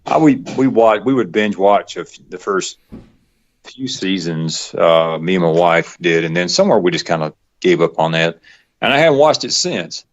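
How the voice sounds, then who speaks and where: Man, Georgia Southern accent, low-pitched, halting and chatty, dull recording. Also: expressive. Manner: rambling, halting, laughs often. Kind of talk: casual chat. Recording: dull lo-fi podcast audio.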